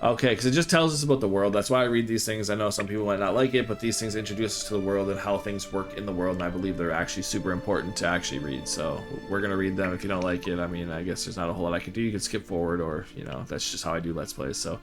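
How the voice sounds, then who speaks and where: A man's voice: deep voice, rapid-fire, hardly any pauses, faint music behind. A man hosting a let's play, talking in a rambling, easygoing way as he plays. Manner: rambling, easygoing, reads text aloud. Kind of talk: casual gameplay commentary.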